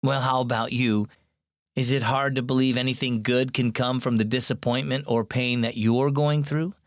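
A man's voice: medium pitch, fairly even intonation, moderate pace, no room sound, studio quality. A man hosting a children's devotional, reading a story and answering a child's question in an earnest, friendly way. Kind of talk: scripted narration.

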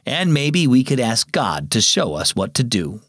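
A weary but kind father who speaks gently and reassuringly, as a man voices him in a story reading. His tone rises and falls with expression, and the sound is close and dry. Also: mid-range voice, big pitch swings, unhurried, breathy edge, no echo, full character voice. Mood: gentle. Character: kind, tired, faithful father.

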